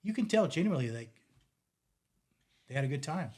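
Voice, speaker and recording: A man's voice: fairly high pitch, fairly quick. A man in his forties who owns a fly shop and guides fishing trips, telling a story casually on a podcast and acting out the dialogue. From United States. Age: 40s. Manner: animated, acts out quoted dialogue, drops to near-mutter at times.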